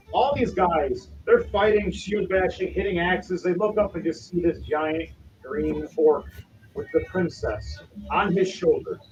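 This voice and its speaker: A man running a tabletop game as game master, narrating scenes in an animated way and dropping into quick character voices. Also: high-pitched. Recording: distant lo-fi mic with faint noise.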